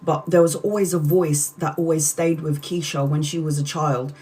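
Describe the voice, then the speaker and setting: A woman hosting a tarot live stream, retelling a story in an animated, chatty way and acting out the quoted speech. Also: sits low, moderate pace. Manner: chatty, addresses viewers mid-story.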